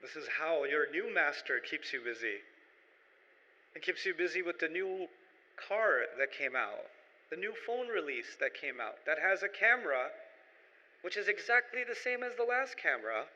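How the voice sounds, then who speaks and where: A man giving an emphatic sermon-style lecture, using rhetorical repetition and building to forceful peaks. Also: fairly high pitch, expressive, normal speed. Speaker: Islamic lecturer. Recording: echoey hall, dull lo-fi sound.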